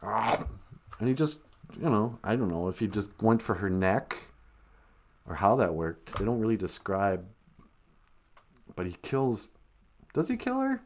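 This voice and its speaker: A man's voice: lowish voice, big pitch swings, unhurried, pauses often. A man hosting a live stream, retelling a children's story in a wry, sarcastic comedic way.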